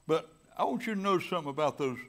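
A male preacher with a somewhat high voice delivers a sermon. He sinks into quiet, low-pitched stretches, then swells to loud, drawn-out climaxes on key words. Between these he talks plainly to the congregation in casual asides. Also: lively intonation. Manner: swings between soft, low passages and loud, emphatic climaxes.

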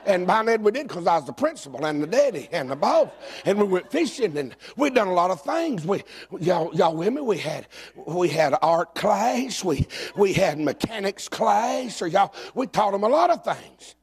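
Pastor guy preaching in church, slow drawl, folksy and jokey, yells in bursts. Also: high voice, expressive, husky. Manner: folksy, joking and shouting in bursts. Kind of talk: sermon. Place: church sanctuary.

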